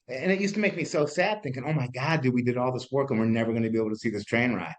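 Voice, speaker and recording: A man, a business founder, telling stories in a casual interview, animated, swearing freely and laughing as he talks. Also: mid-range voice, rapid-fire, few pauses.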